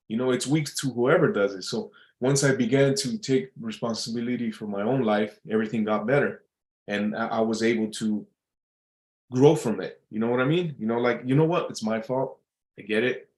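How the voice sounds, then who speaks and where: Blunt, cursing man in an echoey room. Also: fairly low pitch. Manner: blunt, swears often, repeats and restarts. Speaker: vlogger giving life advice. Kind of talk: casual motivational talk.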